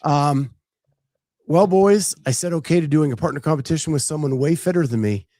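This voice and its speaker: A man's voice: on the high side, moderate pace, mellow, dry recording, clean studio sound. A man hosting a casual talk show, chatting loosely with plenty of fillers and restarts. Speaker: podcast host. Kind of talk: casual chat.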